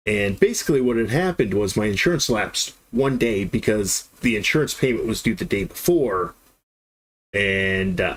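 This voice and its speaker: A man in his thirties, streaming games, spins a long, rambling story and animatedly acts out the dialogue as he goes. His voice sits on the low side and sounds husky.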